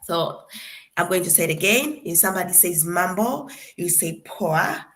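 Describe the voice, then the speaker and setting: A young woman from Tanzania giving a casual classroom lesson. She drills each word slowly and deliberately, and keeps a playful, chatty manner. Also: on the low side, animated, a bit bright. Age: young adult. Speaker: guest lecturer.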